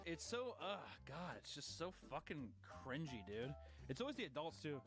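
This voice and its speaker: Young male streamer, slightly high, very lively delivery, swears a lot, music under the voice. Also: moderate pace. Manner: profane, animated, mocking, laughing often. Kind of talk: casual reaction commentary.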